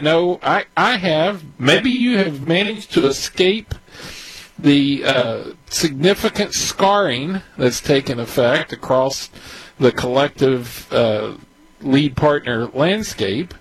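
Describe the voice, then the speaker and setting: A man who advises on real estate deals, talking unscripted and candidly, his voice climbing higher as he gets worked up. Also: animated, slow, breathy edge, poor audio. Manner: candid, grows agitated and higher-pitched. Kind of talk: unscripted commentary.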